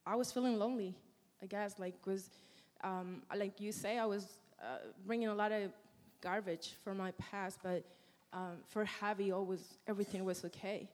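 A woman sharing a personal testimony about her marriage, earnest and pausing as she searches for words. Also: mid-range voice, steady tone, a little mellow. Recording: echoey hall with long reverb.

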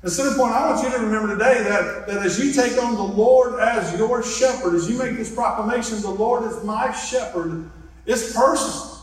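A man's voice: very high-pitched, fairly quick, hardly any pauses. A man preaching a sermon as pastor, earnest and reflective, guiding his listeners through a simple hand gesture exercise. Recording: echoey hall from far off.

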